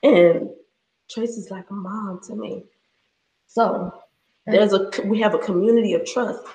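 A woman's voice: mid-range voice, steady tone, measured pace, mellow. Woman, thirties, faith talk, passionate, laughs a lot, echoey room. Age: 30s. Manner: passionate, preacherly, laughs often. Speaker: speaker sharing her story. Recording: roomy echo.

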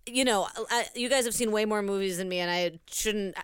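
A woman's voice: medium pitch, brisk, clean tone, dry recording, clean studio sound. A woman co-hosting a podcast in casual chat, eager and agreeable, often rambling as she works out her point. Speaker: podcast co-host.

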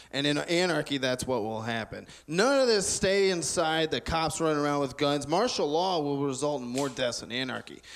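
A man ranting bombastically in a comic mock debate, playing it mock-serious. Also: on the high side. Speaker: debater in a comedy show.

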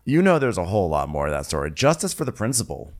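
A man co-hosts a casual comedy recap podcast. His voice sits on the low side, and he riffs in sarcastic asides, sometimes slipping into silly put-on voices for the people he mocks. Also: very animated, quick pace. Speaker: podcast co-host recapping a reality show.

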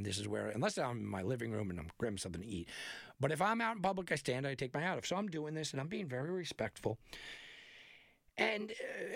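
A man's voice: a little high, gravelly, no echo, studio quality. A man giving a casual, emphatic talk on sports betting picks, telling stories as he goes. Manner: animated storyteller, emphatic, some restarts.

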